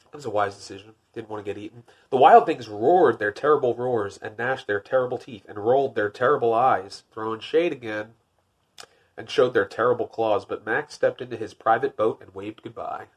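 Husky guy reading a kids book out loud, cracks dry little jokes between pages, mid pitch. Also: moderate pace. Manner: wry, deadpan joking asides; rises for narration, drops low for asides. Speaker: podcast host. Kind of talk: reading a picture book aloud with asides.

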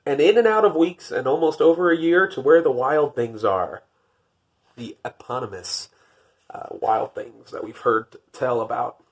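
Husky man with deadpan storybook asides. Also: normal speed. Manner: wry, deadpan joking asides; rises for narration, drops low for asides. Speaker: podcast host. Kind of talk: reading a picture book aloud with asides.

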